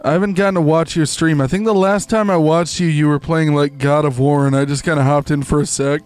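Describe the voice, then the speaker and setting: A man's voice: a little high, fairly even intonation, brisk, darkish tone, smooth, dry recording. A young man chatting casually to his viewers while live-streaming a game, rambling with lots of fillers. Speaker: livestreamer. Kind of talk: casual chat while gaming.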